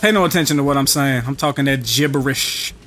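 A young man giving live commentary over his own game match, profane, trash-talking and excitable. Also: mid-range voice, fast talker. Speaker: gaming channel host. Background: game music.

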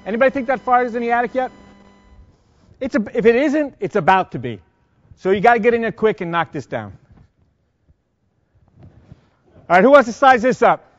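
A middle-aged fire service instructor from Long Island, New York, lectures firefighters in a conference room, quizzing them with rapid questions. His New York-accented voice is very high-pitched with lively intonation. The recording is dry, dull, and lo-fi, with a slight hiss or hum.

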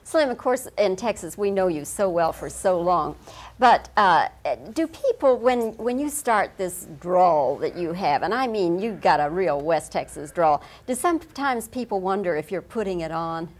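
A woman's voice: on the low side, expressive, moderate pace. A woman TV interviewer asking questions in a friendly, conversational, lightly teasing way.

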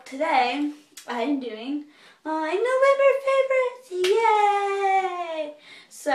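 A young woman chatting casually as a beauty vlogger, gushing about her favorite products. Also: high voice. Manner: bubbly, gushing. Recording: echoey room, voice a bit far from mic.

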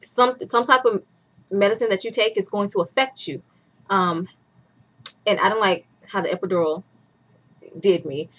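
A woman's voice: medium pitch, fairly even intonation, normal speed, pauses often, fairly bright tone. A woman in her twenties chatting candidly as a vlogger, laughing often as she talks. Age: 20s. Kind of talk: casual chat.

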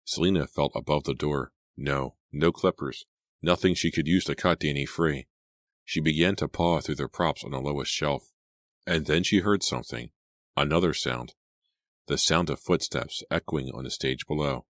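Very deep-voiced man reading horror. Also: a bit bright, no echo, studio quality. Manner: measured, suspenseful reading. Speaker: audiobook narrator. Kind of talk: scripted horror audiobook narration.

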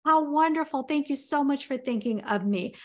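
This is a gushing, grateful husband, put on by a woman retelling the scene. The voice sits above her own natural pitch and rings out louder, bursting with excited exclamations. He heaps thanks on his wife in a story told for a motivational talk. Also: normal speed, lightly acted. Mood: overjoyed. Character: delighted grateful husband, adult man.

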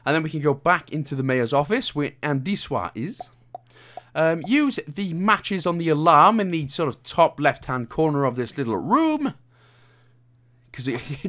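A man from Wales talks through a video game walkthrough in a loose, casual way. His voice sits a little high and swings up and down with lots of life. He keeps dropping in jokey, self-mocking asides as he rambles along. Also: very animated, unhurried, a bit bright.

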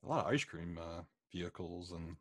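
A man co-hosting a casual movie commentary podcast, tossing in dry wisecracks and quick asides. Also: deep voice, expressive, breathy edge, dry recording. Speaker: podcast co-host.

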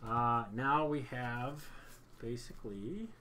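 Upbeat male card-break host with a bright voice, chatty and repetitive. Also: medium pitch, takes it slowly, slight background noise. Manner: upbeat, chatty, repeats himself while flipping cards. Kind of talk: casual card-opening commentary.

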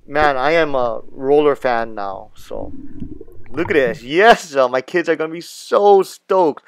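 Guy, kinda high voice, excitable and laughing a lot, laid-back island slang, faint hiss under it. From Hawaii. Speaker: fishing and diving vlogger. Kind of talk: casual narration over footage.

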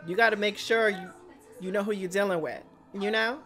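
A woman hosting a video reaction to a TV episode, chatty and excitable, calling viewers honey. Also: medium pitch, fairly quick, faint music behind.

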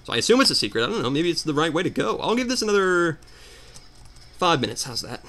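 A man doing casual gameplay commentary, telling a story as an animated, exasperated rant. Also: a little high, fast. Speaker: let's player.

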